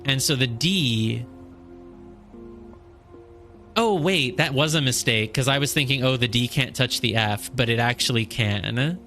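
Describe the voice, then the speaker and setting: A man's voice: medium pitch, normal speed, bright, forceful tone, faint music behind. A young man streaming a puzzle game, thinking aloud, counting squares and scolding himself over his mistakes. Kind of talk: casual live gameplay commentary.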